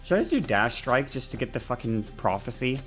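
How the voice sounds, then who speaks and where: A woman's voice: rumbling low, sing-song, a little fast, soft background music. A woman talking to her stream audience while she plays a game. She rants in a loose, casual way, swearing heavily and tripping over her own sentences as she restarts them. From not American. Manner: ranting, heavy swearing, frequent restarts.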